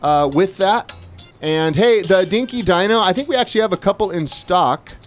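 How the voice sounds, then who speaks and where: A man's voice: high voice, lively intonation, moderate pace, soft background music. A man co-hosting a casual livestream from an indoor studio, chatting and reading viewer comments aloud. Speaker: livestream co-host. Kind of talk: casual livestream chat with auction.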